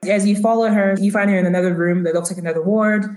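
A woman's voice: medium pitch, steady tone, a little mellow. Hesitant woman narrating a tabletop game. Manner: halting, filler-heavy narration with acted voices. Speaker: game master. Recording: roomy echo.

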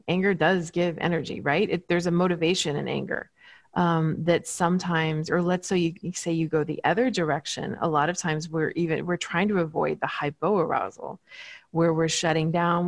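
Calm low-voiced woman therapist. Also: dry recording. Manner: calm, explanatory, with frequent fillers. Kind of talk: casual conversational advice.

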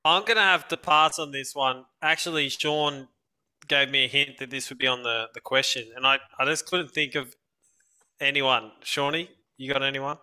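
A man talking as a guest on a casual podcast, relaxed and laughing, animated when telling stories. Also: mid-range voice, moderate pace, clear, resonant tone.

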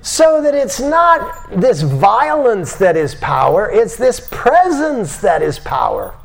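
A man's voice: sits high, huge pitch swings, slow, creaky. A man giving a spiritual lecture to a live audience, asking many rhetorical questions.

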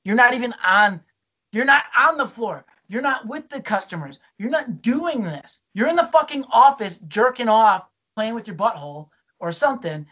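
A man's voice: very high-pitched, expressive, moderate pace, sharp tone. Man venting with rambling profanity, lo-fi. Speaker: restaurant worker. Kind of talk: casual chat.

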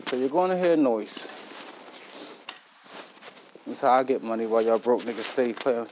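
A man talks through his own podcast in a loose, animated monologue, full of slang and bragging. His voice sits at an everyday mid pitch. He records it while at work, with faint noise underneath. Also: normal speed, rough recording. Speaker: podcast host. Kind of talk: casual solo podcast monologue.

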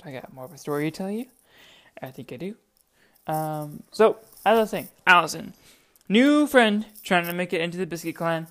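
A young woman hosting a podcast in casual chat, profane, excitable and rambling, talking into a desk microphone. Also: fairly low pitch, moderate pace. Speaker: podcast host.

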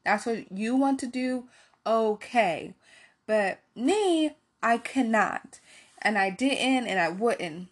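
High-voiced woman telling a candid story. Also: animated, slow pace. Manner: candid, profane, rambling with many fillers. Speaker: storyteller addressing viewers. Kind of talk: casual storytime chat.

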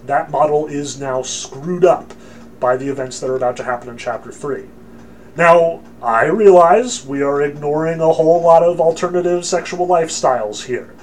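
A man's voice: on the high side, normal speed, slight background noise. A man lecturing on scripture in a casual, emphatic, joking way with frequent fillers. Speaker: religion lecturer.

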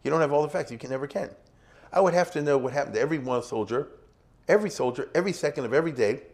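A man's voice: a little high, racing, darkish tone. A middle-aged man giving a casual history lecture, keeps checking in with his students and acting out small examples. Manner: conversational, checks in with "you see?" and "you get it?".

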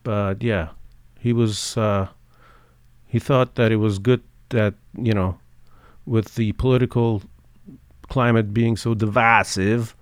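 A podcast co-host with a lowish, smooth, steady-toned voice chats casually, recorded without echo. He speaks hesitantly and haltingly, packed with fillers and frequent restarts.

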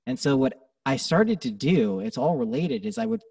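A man speaking as a podcast guest, telling his story in a casual, animated way, swearing freely and acting out his own thoughts. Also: fairly high pitch, normal speed, vocal fry, no room sound, distant mic.

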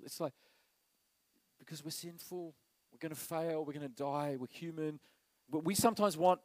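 A middle-aged man, preaching a sermon as pastor, animated and acting out quoted voices. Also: on the high side, unhurried, pauses often, no room sound, poor audio.

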